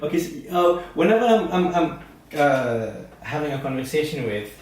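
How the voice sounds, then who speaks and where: A man's voice: on the high side, normal speed, a little hiss or hum. Indian man chatting, echoey and distant. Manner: animated, frequent restarts and laughter. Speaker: podcast co-host. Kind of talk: casual chat. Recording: echoey room, distant mic.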